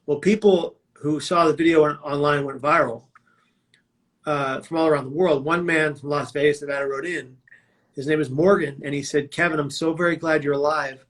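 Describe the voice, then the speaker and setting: A man with a fairly high, slightly bright voice speaks at normal speed in a steady tone, telling his own life story as a prevention speaker. His delivery is vivid and dramatic, with emphatic quoted lines.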